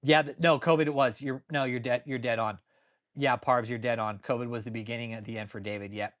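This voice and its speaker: A man hosting his own channel, ranting angrily and swearing nonstop, pausing to answer viewers in the live chat. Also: medium pitch, steady tone, fairly bright tone. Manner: angry, swears constantly. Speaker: channel host. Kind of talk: profane ranting commentary with live chat replies.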